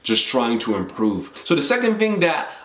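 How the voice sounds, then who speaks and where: A man's voice: mid-range voice, big pitch swings, moderate pace, fairly bright tone, roomy sound. A young man from the Congo, a native French speaker, giving an earnest, motivational talk and laying out numbered points. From Democratic Republic of the Congo. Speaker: vlogger. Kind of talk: reflective personal talk to camera.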